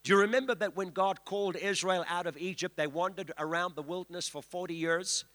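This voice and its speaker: High-voiced man preaching. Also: brisk, a bit bright. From South Africa. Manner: declamatory, calls for congregation response. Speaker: guest preacher. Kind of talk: sermon. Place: church sanctuary. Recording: reverberant church hall.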